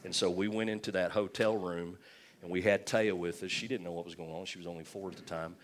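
A man's voice: low-pitched, fairly even intonation, fast talker. A man preaching a sermon, telling a personal story and calling for amens. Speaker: pastor.

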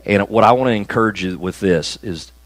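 A deep-voiced male pastor gives a conversational sermon, slowing down to lean on the phrases he wants remembered. The sound is dry and close, with no room echo. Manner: conversational preaching, slow emphatic stresses on key phrases. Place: small church room, also streamed.

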